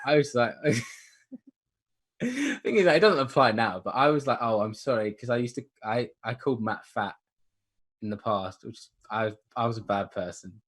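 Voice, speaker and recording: हँसमुख, खुरदरी आवाज़ वाला ब्रिटिश युवक. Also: male voice, mid-range voice, normal speed. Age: young adult. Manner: relaxed, laughs often, trails off. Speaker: podcast co-host. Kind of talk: casual chat.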